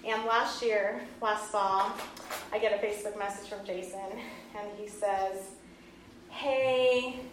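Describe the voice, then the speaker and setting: A woman's voice: medium pitch, little pitch movement, a little slow, a little hiss or hum. A woman in her thirties, earnest and often laughing, telling a personal story to an audience. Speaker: speaker giving a talk. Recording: echoey hall from far off.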